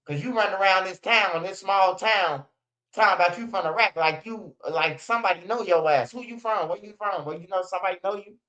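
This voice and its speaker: A man with a Chicago accent giving casual, slang-heavy commentary as a channel host, often ending lines with a low "bro" or "man". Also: a little fast, sharp tone, highs cut off. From Chicago area. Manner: slangy, repetitive, drawls "bro" and "man" low at line ends.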